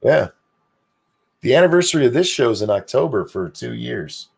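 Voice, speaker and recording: A man's voice: medium pitch, moderate pace, vocal fry, slightly rough. An older man hosting a casual streamed talk show, swearing freely and joking about himself. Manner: profane, animated, self-deprecating. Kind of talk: casual chat.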